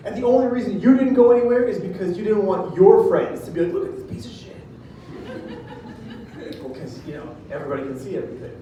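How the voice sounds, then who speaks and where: A man doing a stand-up comedy set, rambling and self-deprecating, with filler pauses. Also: high voice, animated, very echoey, recorded from a distance, lo-fi sound, background noise.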